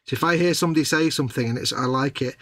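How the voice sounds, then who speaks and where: A man's voice: mid-range voice, very fast, fairly bright tone, a little hiss or hum. A man co-hosting a live model-making stream, chatting in a rambling way and reading out viewers' comments. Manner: rambling, restarts a lot, reads out chat comments. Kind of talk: casual live-stream chat.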